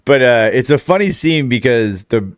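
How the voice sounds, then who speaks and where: A man's voice: medium pitch, expressive, moderate pace, clean tone, no room sound, clean studio sound. A young adult man co-hosting a casual film chat, animatedly retelling scenes and laughing as he goes. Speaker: podcast co-host.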